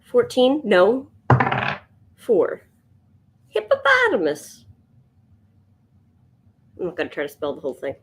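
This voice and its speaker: A woman streaming live as she sketches, chatting to viewers and thinking out loud, yawning now and then. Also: fairly low pitch, big pitch swings, moderate pace, pauses often, slight background noise. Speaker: livestream sketch artist. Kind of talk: casual livestream chat.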